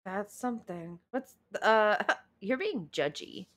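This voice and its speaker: A woman's voice: mid-range voice, expressive, a little slow. A young woman streamer chatting playfully to herself and laughing often while playing a video game live.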